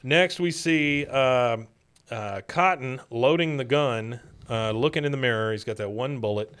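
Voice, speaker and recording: A young adult man co-hosting a podcast, retelling a cartoon episode in casual chat and dropping into quick voices for the characters. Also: mid-range voice, fairly bright tone, clear, resonant tone. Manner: retells scenes with quick impressions of the characters, drawling and laughing.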